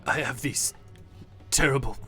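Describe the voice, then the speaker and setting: Man voicing a wounded male warrior, despairing, low and strained. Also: measured pace, over music, natural voice. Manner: low strained voice, breaking into screams.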